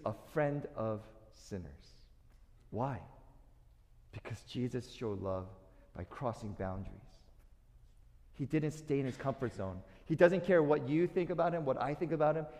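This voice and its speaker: A male pastor preaching a sermon in a church, telling the story in an animated way and asking the congregation rhetorical questions. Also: mid-range voice, in a large hall.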